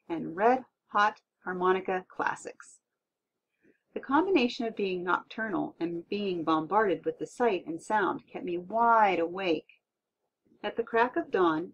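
A woman narrating a children's audiobook in a playful, expressive way, on a dull, lo-fi recording. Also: medium pitch, a little hiss or hum.

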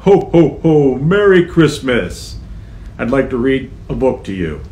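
Jolly old Santa Claus. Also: male voice, mid-range voice, very animated, a little slow. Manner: hearty, gently quizzing the children. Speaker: storytime reader. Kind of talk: reading a picture book aloud to children. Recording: echoey room.

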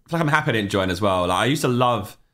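A man's voice: fairly low pitch, expressive, racing, a bit bright. A young man, casually chatting on a livestream, rambling and reacting to chat messages with offhand opinions.

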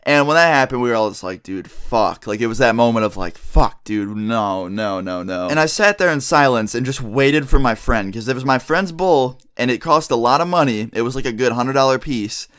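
Young dude vlogging, rambly storytime, swears a lot, says like every other word. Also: male voice, medium pitch, expressive, brisk, few pauses, a bit bright. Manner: rambling and profane, heavy use of "like". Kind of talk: casual storytelling to camera.

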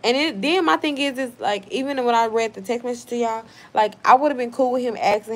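A woman's voice: fairly high pitch, a little fast, few pauses. A woman hosting a casual livestream, reading viewer comments aloud and answering them in a blunt, profane, playful way. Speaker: livestream host.

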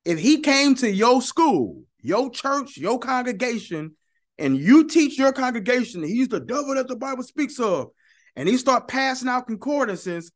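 A man's voice: very high voice, very animated, moderate pace. A man giving heated talk-to-camera religious commentary, emphatic and sarcastic, repeating his points and speaking straight to viewers.

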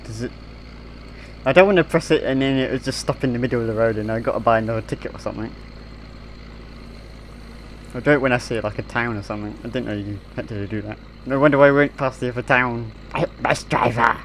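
A man's voice: mid-range voice, fast, pauses often, a little hiss or hum. A man giving casual, playful gameplay commentary, giggling often and putting on a silly voice to tease a game character. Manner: puts on a silly voice. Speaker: gaming video creator.

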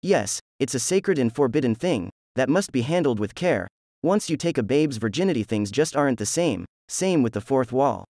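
A man's voice: mid-range voice, lively intonation, moderate pace, a little mellow, dry recording, studio quality, natural voice. A man voicing a rude, lazy, cocky young male ninja who talks in crude, mocking insults, in a fan story reading.

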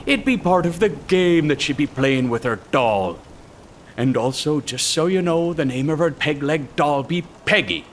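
A man's voice: on the high side, animated, normal speed, a little hiss or hum, close to an everyday voice. Rotten Pete, a man doing a fussy hook-handed pirate. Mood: fretful. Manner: growls "arr" before every sentence, hesitant pirate grammar.

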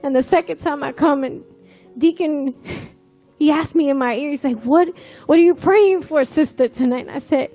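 Woman, high voice, animated testimony storyteller, faint music bed. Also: moderate pace. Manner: animated storytelling, acts out quoted dialogue. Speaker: testimony speaker. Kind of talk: personal testimony.

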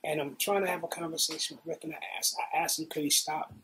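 A middle-aged man with a New York accent telling profane, animated stories in a casual interview. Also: fairly high pitch, quick pace, slight background noise. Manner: profane, animated, acts out quotes. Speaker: interviewee, guitarist. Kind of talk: casual storytelling.

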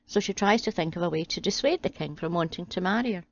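Woman, low voice, deadpan joke reading, dry close sound, slightly dull audio. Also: fast, no echo. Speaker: channel host reading jokes. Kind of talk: reading jokes aloud.

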